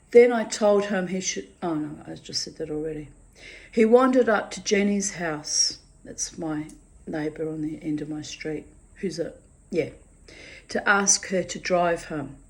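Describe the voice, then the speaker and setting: A mature woman reads from her personal diary in a slow, unhurried way. Her voice sits a little low, and she speaks bluntly, with frank swearing and exasperated asides. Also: a little mellow. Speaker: diarist reading her journal. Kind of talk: diary-style personal reading.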